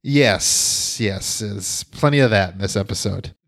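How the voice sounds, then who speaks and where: A man's voice: fairly low pitch, measured pace, vocal fry, fairly bright tone, dry recording, studio quality. A man co-hosting a casual chat, chatty and rambling with many fillers and restarts, laughing often. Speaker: podcast co-host.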